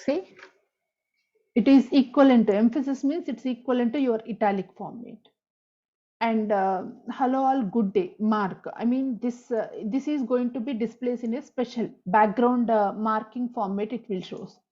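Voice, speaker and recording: A woman's voice: on the high side, normal speed, dark tone. A woman teaching a screen-recorded coding lesson, explaining step by step, spelling out tag names and repeating key points. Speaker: programming tutor. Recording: dull lo-fi audio.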